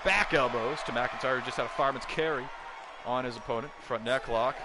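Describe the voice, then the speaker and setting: Brief: male play-by-play caller for a wrestling video game, mid pitch, gets loud and excited, clear background noise. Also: a little fast. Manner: excitable, bursts into shouts at big moves.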